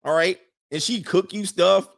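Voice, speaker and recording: A man, riffing in casual comedic commentary with animated, laughing, slangy storytelling. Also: high-pitched, normal speed, gravelly. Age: 40s.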